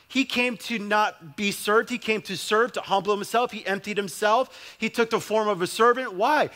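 A man's voice: high-pitched, bright, forceful tone. A young adult male pastor preaching a sermon in a conversational way, with emphatic repetition.

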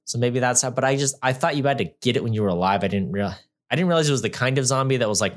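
A man's voice: medium pitch, lively intonation, rapid-fire. A man co-hosting a podcast, reviewing a movie in casual chat with a sarcastic, rambling manner.

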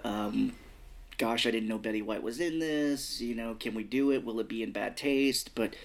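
A man's voice: mid-range voice, normal speed, gravelly. A man with a Midwestern American accent, co-hosting a podcast and reviewing a movie in casual, rambling, self-deprecating chat. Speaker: podcast co-host.

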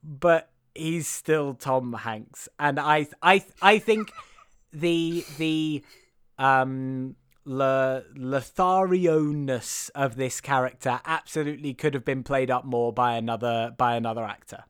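A man's voice: medium pitch, takes it slowly, fairly bright tone, smooth. A man co-hosting a podcast, stammering and giggling as he talks about a film. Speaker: podcast co-host. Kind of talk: casual film recap chat.

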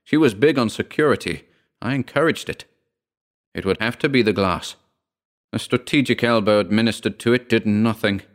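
A man reading a horror short story aloud in a measured, grave storytelling manner. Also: on the low side. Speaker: narrator. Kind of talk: scripted horror narration.

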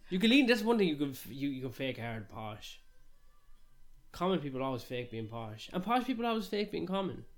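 A man's voice: on the high side, very animated, a little fast. A man, chatting casually as a podcast co-host and ranting in a sweary, jokingly outrageous way. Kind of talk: casual chat.

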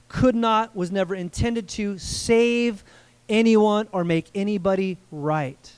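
A man's voice: sits high, a little mellow, no echo. A man preaching a sermon as pastor, earnest and emphatic, often putting questions to the congregation.

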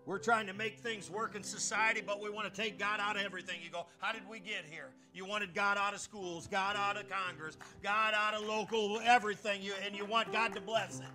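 Older man, pastor preaching a sermon, high voice, emphatic, rising to shouted peaks. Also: steady tone, a little fast, few pauses, soft background music.

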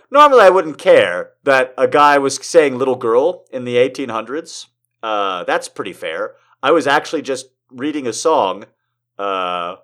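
A man reads letters aloud and keeps stopping for casual, joking asides. His pitch rises and falls a great deal, though it sits in a middle register. He comes across as wry and self-deprecating. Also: fairly bright tone. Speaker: reader of historical letters.

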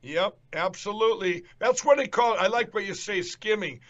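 A man's voice: sits high, normal speed. A man hosting a political interview show, talking emphatically and repeating himself to rally his listeners. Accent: Upper Midwest American. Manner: emphatic, repetitive, rallying the audience. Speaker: show host. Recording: dull lo-fi audio.

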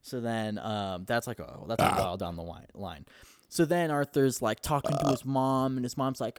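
A man's voice: mid-range voice, normal speed, no echo, studio quality. A young man casually recapping a movie in a rambling, profane way, full of fillers.

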